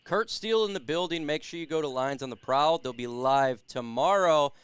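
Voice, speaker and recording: A man's voice: a little high, moderate pace, clean tone, dry recording. A man hosting a casual sports live stream who hypes the chat and reads out viewer comments. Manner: hypes chat, reads super chats aloud.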